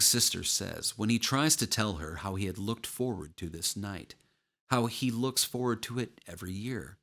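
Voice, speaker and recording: A man reading an audiobook with measured, steady storytelling. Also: fairly low pitch. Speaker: audiobook narrator. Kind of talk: scripted audiobook narration.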